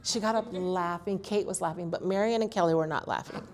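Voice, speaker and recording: A woman in her sixties recounts old neighborhood stories for an oral history, bringing each scene to life by acting out the voices. Her storytelling is chatty and animated. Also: on the low side, a little fast. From Colorado, USA. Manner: animated storyteller, acts out quotes. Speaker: interviewee.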